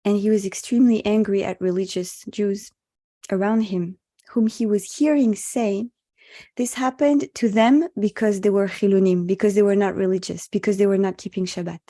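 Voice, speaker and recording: A woman's voice: mid-range voice, fairly even intonation, moderate pace, mellow. A woman rabbi giving an earnest, reflective spoken teaching at an online meditation session, mixing in Hebrew religious terms, heard over a video call.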